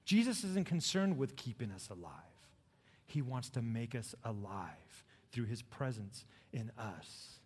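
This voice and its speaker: A male pastor preaching a sermon, dramatic, swinging from loud emphatic peaks to soft low lines. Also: lively intonation, unhurried, slightly rough, long reverb tail.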